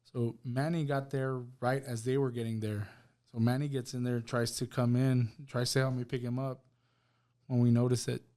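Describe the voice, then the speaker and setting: This podcast guest is a man whose voice sits at medium pitch, level and dark, delivered at a normal speed. Emotionally recounting a loss from his own life, he voices each person's lines as he goes.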